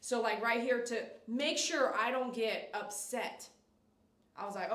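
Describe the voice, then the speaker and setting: A woman's voice: fairly high pitch, a little slow, far from the mic, very noisy. A middle-aged woman dog groomer chatting on a live stream in her salon, giving emphatic, repetitive advice and coaxing a dog. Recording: echoey room, voice off-mic.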